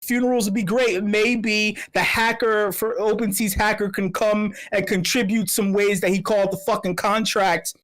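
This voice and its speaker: A man's voice: sits high, steady tone, normal speed, few pauses, fairly bright tone. A man hosting an online meetup, rambling through profane comic rants full of restarts and repeated words. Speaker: meetup host. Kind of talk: casual livestream chat.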